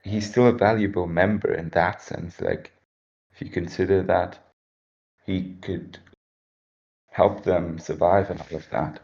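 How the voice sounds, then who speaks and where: A man in a casual movie review chat who talks calmly, reasons things through and pushes back on his friend's points. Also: deep voice, measured pace, pauses often, highs cut off. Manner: calm, reasoning, counters points.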